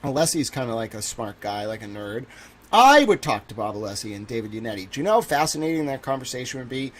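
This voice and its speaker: A man's voice: mid-range voice, big pitch swings, fast. A man in his thirties hosting a casual livestream, reading a legal document aloud and breaking off to joke and ramble. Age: 30s. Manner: rambling, joking, reads a document aloud and interjects. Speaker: livestream host.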